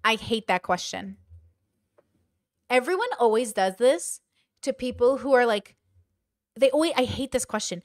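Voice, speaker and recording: A woman's voice: fairly high pitch, animated, unhurried, long pauses, no echo, studio quality. A woman hosting a reaction commentary, blunt and exasperated, swearing and acting out what others say. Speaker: commentary host. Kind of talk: reaction commentary on stream clips.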